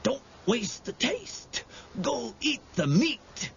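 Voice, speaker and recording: A man's voice: wildly swooping pitch, a little slow, highs cut off, full character voice. A man doing a sly, hissing tempter. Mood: coaxing. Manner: hissing, low and coaxing. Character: sly, sinister male tempter, gleeful and coaxing.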